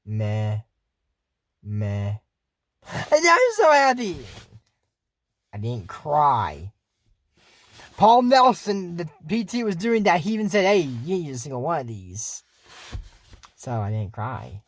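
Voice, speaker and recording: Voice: mid-range voice, sing-song, measured pace, pauses often, no room sound. A YouTuber recapping a cartoon episode in casual, digressive chat full of fillers and asides. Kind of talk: casual rambling commentary.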